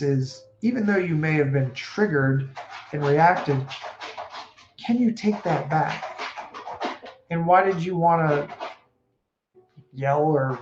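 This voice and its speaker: A man coaching casually on stress and breathing, animated and acting out quoted speech. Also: fairly high pitch. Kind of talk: casual advice talk. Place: home room with a puppy. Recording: echoey room, dull sound, faint noise.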